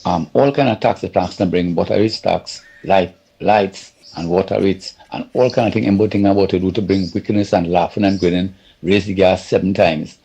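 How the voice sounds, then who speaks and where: A caller with a low, gravelly, husky voice rants on air, rambling and indignant. His tone sounds dark and heavy. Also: a little fast. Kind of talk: phoned-in political rant.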